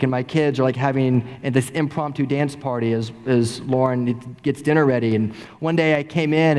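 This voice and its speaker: A middle-aged male pastor preaching an animated sermon, full of repeated rhetorical questions. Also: fairly high pitch. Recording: long reverb in a large sanctuary.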